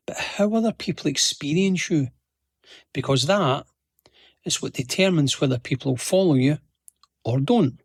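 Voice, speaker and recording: A man hosting a solo podcast, explaining ideas in a reflective, measured way. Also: medium pitch, breathy edge, dry recording, studio quality. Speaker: podcast host.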